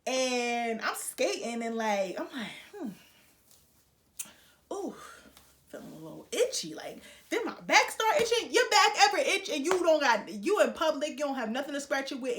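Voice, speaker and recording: A young woman vlogger telling a personal story to her viewers, chatty and animated, acting out the voices of the people in it. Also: sits high. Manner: chatty, speaks straight to viewers with frequent fillers. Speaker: YouTuber. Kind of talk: casual storytelling vlog.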